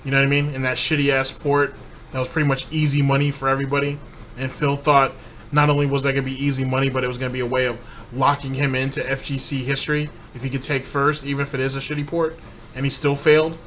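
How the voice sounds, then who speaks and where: A man rambles through a gossipy rant over his game, pausing on filler words as he goes. His tone is bright and tense, with a faint hiss in the background. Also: medium pitch, little pitch movement. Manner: talkative, gossipy, frequent "uh". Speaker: gaming commentator. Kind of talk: ranting gaming commentary.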